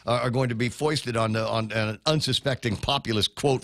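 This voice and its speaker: A man hosts a morning talk radio show, talking loosely and joking as he goes. His voice sits at an ordinary pitch and comes through a studio microphone, close and dry with no room sound. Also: steady tone, moderate pace, a bit bright, no echo. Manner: rambling, joking, conversational. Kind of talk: casual talk radio chat.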